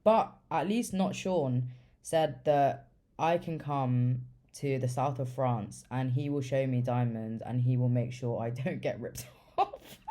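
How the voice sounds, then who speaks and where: A woman's voice: a bass voice, warm tone. A young woman chats through a storytime vlog in a loose, rambling way. Her talk is full of swearing and casual fillers. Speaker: vlogger.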